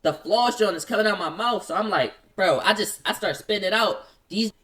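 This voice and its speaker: A man telling a story in casual chat, acting out the quoted lines in quick excited bursts. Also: high-pitched, distant mic. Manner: acts out quoted dialogue, rapid excited bursts.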